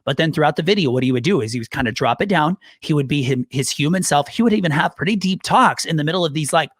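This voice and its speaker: Animated talkative man, high voice. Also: quick pace, no echo, clean studio sound. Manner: animated, many fillers and restarts. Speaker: co-host. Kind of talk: casual podcast chat.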